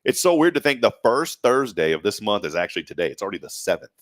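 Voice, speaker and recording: A playful Texan man hosts a morning talk show, joking and chatting with his guest. His voice sits low but swings widely in pitch. The sound is dry and close to the mic. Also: very animated, quick pace, dry recording. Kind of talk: casual morning show chat.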